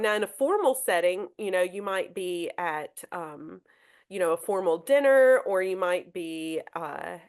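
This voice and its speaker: A young woman teacher hosting a manners podcast, talking casually and brightly with lots of fillers and restarts. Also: mid-range voice. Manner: chatty and upbeat, many fillers and restarts. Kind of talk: casual classroom talk.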